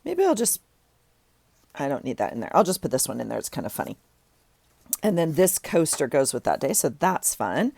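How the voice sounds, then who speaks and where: A middle-aged woman with a low, gravelly voice chats casually as she glues things into her journal. She rambles and pokes fun at herself between tasks. The sound is dry and close to the mic. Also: very animated, moderate pace, long pauses, darkish tone, dry recording. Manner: chatty, rambling, self-deprecating asides. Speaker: journaling vlogger. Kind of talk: casual chat while crafting.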